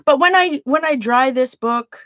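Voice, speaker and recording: A woman's voice: sits high, moderate pace, a bit bright, no echo, dull audio. A Canadian woman chatting casually on a livestream while making art, rambling and often restarting her sentences.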